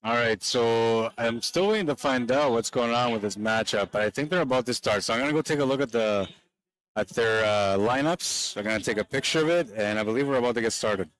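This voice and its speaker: A man's voice: medium pitch, a little fast, a bit bright, clean tone, rough recording. A man with a Canadian accent commentating a pool tournament on a live stream, chatty and enthusiastic in a loose, conversational way. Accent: Canadian English.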